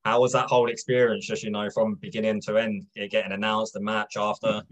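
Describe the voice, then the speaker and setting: A man hosting an interview, asking questions in a relaxed, friendly way and chuckling between them. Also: on the low side, a little fast, low-quality recording. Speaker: interviewer, host. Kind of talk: casual interview.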